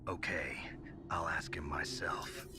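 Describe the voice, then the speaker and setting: An actor playing a gruff, hardened male special-ops soldier in a video game, speaking tersely in a gravelly voice. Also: extremely low pitch, little pitch movement, slow, pushed and bright, full character voice.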